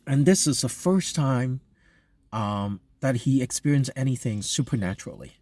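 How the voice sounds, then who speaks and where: Guy preaching, warm low-key voice, dry room sound, reads the verse then rambles through it with lots of ums. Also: dry recording. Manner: conversational, halting with many fillers and restarts. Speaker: pastor. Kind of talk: sermon reading scripture and explaining it.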